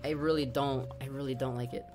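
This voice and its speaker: A man's voice: mid-range voice, fairly even intonation, brisk, music in the background. A man ranting angrily on a gaming live stream, venting his frustration with a lot of swearing. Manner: angry, profane venting.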